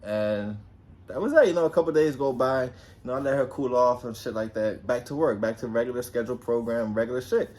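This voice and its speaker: Here a young New Jersey man relates a story from his own life, animated and relaxed, with plenty of profanity and quotes performed loudly. The pitch is middling and the pace a touch quick.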